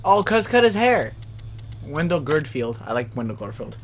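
A man's voice: fairly high pitch, very animated, moderate pace. A man giving casual gaming commentary, goofy and rowdy, trash-talking and bragging as he plays. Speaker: let's play gamer. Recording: noisy with game sound behind.

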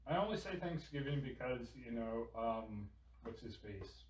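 Co-host, man, mid-pitched, loose rambling delivery, roomy sound, set back from the mic. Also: animated, measured pace, distant mic, a little hiss or hum. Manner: rambling, lots of fillers. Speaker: podcast co-host. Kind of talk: casual chat.

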